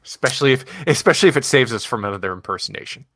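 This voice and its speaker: A man appearing as a podcast guest in a casual, teasing chat, dry and quick to laugh. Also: mid-range voice, animated, fairly bright tone, no echo.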